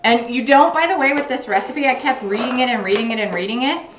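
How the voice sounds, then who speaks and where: A woman's voice: fairly high pitch, quick pace, reverberant, highs cut off, noisy background. A woman chatting casually on a cooking livestream, narrating what she does as she chops in her home kitchen. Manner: chatty, talks while chopping, self-narrating. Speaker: cooking streamer.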